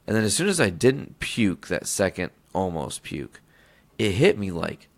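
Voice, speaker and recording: A man's voice: deep voice, sing-song, measured pace, vocal fry. A man hosting a podcast, telling a long casual story in a rambling, profane way, often breaking off mid-sentence to restart. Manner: rambling, profane, self-interrupting. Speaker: podcast host.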